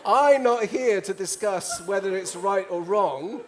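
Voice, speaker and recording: Animated man telling funny stories. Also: sits high, a little slow, slight background noise. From Italy. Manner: animated, joking, acts out voices. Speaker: conference speaker. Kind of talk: humorous storytelling talk. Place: stage before a live audience.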